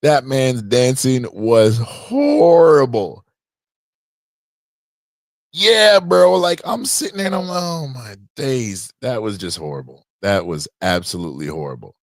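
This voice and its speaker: A man's voice: medium pitch, sing-song, a little slow, no echo. A man hosting a livestream podcast from a home podcast room, chatting loosely and jokingly with slang. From Canada. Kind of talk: casual livestream chat.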